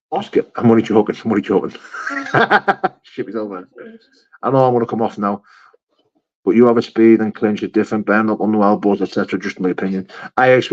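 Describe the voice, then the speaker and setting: A man's voice: fairly low pitch, muffled recording. A man hosting a live chat, reading viewer messages aloud and answering them bluntly, calling people mate and brother. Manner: blunt and matter-of-fact, with frequent swearing and "mate", "brother". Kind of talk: casual live-chat talk.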